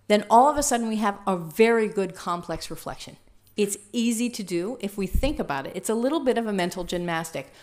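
A woman trainer leading a workshop, talking in a lively, conversational way and asking the room questions. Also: medium pitch. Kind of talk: teaching a workshop.

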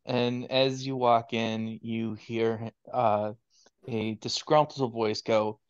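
Slow, halting man narrating a game. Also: medium pitch, steady tone, smooth, no echo. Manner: halting, with many fillers. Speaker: game master. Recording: dull lo-fi, dry.

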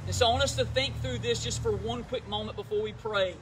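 High-voiced earnest man leading prayer. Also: fast, hardly any pauses, far from the mic, a little hiss or hum. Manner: earnest, gentle, repeats words as he goes. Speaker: pastor. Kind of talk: sermon and prayer. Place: church service.

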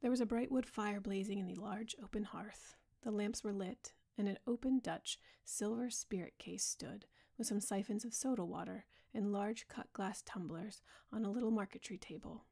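A woman narrates a classic novel in a calm, hushed bedtime voice. Her pitch sits in the middle, and a gravelly fry runs through her speech. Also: moderate pace, few pauses. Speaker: audiobook narrator. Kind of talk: soft bedtime audiobook narration.

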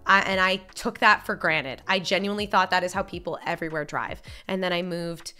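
A woman's voice: lowish voice, steady tone, brisk, sharp tone, clean tone, faint music behind. A young woman, chatting casually as a streamer while gaming and reading chat. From upstate New York. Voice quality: nasal. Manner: chatty and rambling, with frequent filler words.

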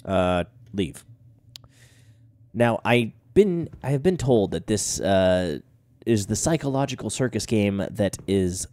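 A man's voice: on the low side, expressive, slow pace, mellow, dry recording. Congested man rambling over a game. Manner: rambling, chatty, talks to the game. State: stuffed up with a cold. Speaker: gaming video host. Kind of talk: casual let's-play commentary.

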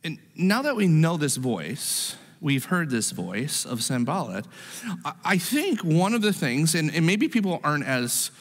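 A man preaching a sermon as pastor, animated, repeating words and acting out the voices he quotes. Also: a little high, unhurried, big-room sound. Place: church sanctuary.

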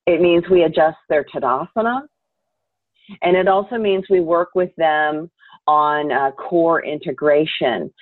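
A woman yoga teacher giving calm, measured, instructive answers in an interview over a remote call. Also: on the low side, no room sound. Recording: tinny dry call audio.

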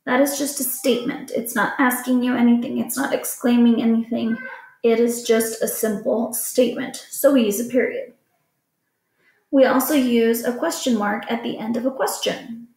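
A woman's voice: on the high side, steady tone, moderate pace, a little mellow. Woman teacher explaining in an echoey room. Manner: patient, plain explaining to children. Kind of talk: recorded classroom lesson.

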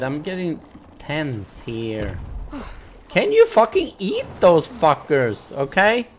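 A man's voice: on the high side, wildly swooping pitch, takes it slowly, slight background noise. A man doing let's play commentary, swearing a lot, yelping and shrieking in panic, stuttering as he talks to his viewers. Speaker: gaming channel host.

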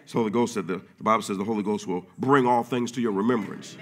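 A man preaching a sermon in church, casual and full of slang, swinging from low murmurs to loud shouting. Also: quick pace, few pauses. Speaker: pastor.

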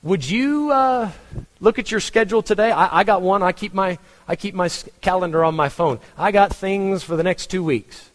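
Earnest Texan preacher in a hall. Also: male voice, high voice, normal speed. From Texas. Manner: earnest, conversational, asks the congregation questions. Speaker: pastor. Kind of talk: sermon.

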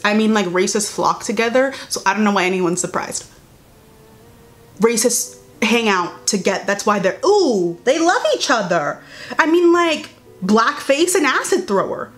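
A young woman giving sassy, incredulous commentary as she reads a statement aloud, jumping between high exclamations and low mutters. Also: big pitch swings, normal speed. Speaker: commentary YouTuber.

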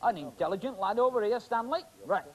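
In a hissy 1980s TV broadcast, a middle-aged man acting as a magician host does comic stage patter with volunteers on a studio stage before a live audience. His voice is high, his intonation lively and his pace fairly quick as he chats and teases, using lots of fillers.

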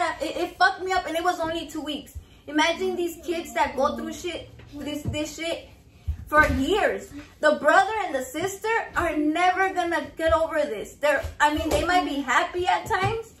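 A woman's voice: high voice, fairly bright tone, a little hiss or hum. A young woman vlogger telling a painful personal story in blunt, profane, emotional words. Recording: echoey room.

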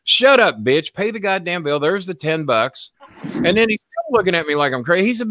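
A man hosts a casual talk show and tells a rambling, profane story. His voice is bright and lively, rising and falling a lot. The sound is dry and close. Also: high-pitched, a little fast, dry recording. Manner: rambling, profane, repeats himself. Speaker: show host.

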